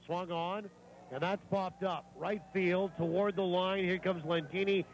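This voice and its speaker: A male play-by-play announcer with a slightly raised voice calls a baseball game pitch by pitch. He stays steady and matter-of-fact. Clear outdoor ballpark noise hums behind him from a booth at the park. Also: a little slow, dull audio. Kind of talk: live baseball commentary. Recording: noisy ballpark ambience.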